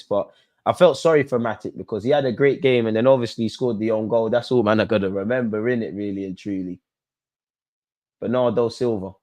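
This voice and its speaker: A young man, hosting a live football watch-along, commentating casually and bantering with his chat and the players. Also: medium pitch. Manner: animated, banter-filled, talks straight to players and chat.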